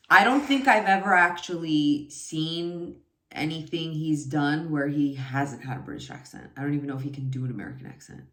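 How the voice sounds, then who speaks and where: Woman in her forties, low voice, slow unhurried talk, chatty and rambling, echoey room. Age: 40s. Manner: chatty, rambling, lots of fillers and self-corrections. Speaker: book reviewer. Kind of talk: casual book review chat.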